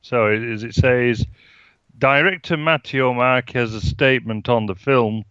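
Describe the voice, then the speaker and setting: A man's voice: medium pitch, a bit bright, clear, resonant tone, no room sound. A man with a Yorkshire accent talks through films in an easygoing, musing co-host way. His voice sits in a middling register, and it comes across dry and close. The recording is slightly dull and lo-fi. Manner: measured, musing, drawn-out phrasing. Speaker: podcast co-host, film reviewer. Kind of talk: casual review chat.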